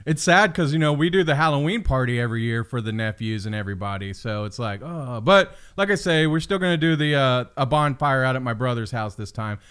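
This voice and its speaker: A man hosting a podcast, chatting casually over a video call, rambling and trailing off softly. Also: medium pitch, expressive, fairly quick, few pauses, clear, resonant tone. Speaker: podcast host. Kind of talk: casual chat.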